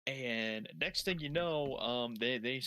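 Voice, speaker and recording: A young man tells a long, rambling story while playing a game, swearing heavily and restarting his sentences. His medium-pitched voice is slow, pushed and bright, the sound of casual, profane storytelling over gameplay.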